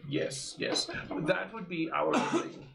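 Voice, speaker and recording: A man's voice: sits high, takes it slowly, creaky, reverberant, distant mic, background noise. A man running a tabletop role-play, speaking formally in character with many stalling fillers. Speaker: game master voicing a character.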